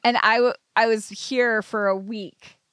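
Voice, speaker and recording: A woman's voice: on the high side, steady tone, measured pace, crowd noise. A woman with a Western New York accent, hosting a casual chat and asking a guest questions. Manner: brief, encouraging responses. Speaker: host.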